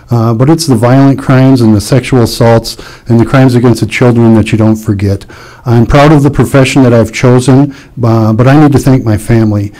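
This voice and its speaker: A man's voice: mid-range voice, warm tone, rough recording. A middle-aged man running for sheriff, giving a sincere, reflective closing statement. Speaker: sheriff candidate. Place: public meeting hall.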